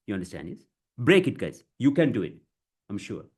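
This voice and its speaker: A man teaching public speaking in an online class, repeating words slowly in chunks and often saying "you see" to his students. English is not his first language. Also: fairly low pitch, big pitch swings, breathy edge. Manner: slow, chunked pronunciation drills with many repetitions; addresses listeners as guys, says you see often.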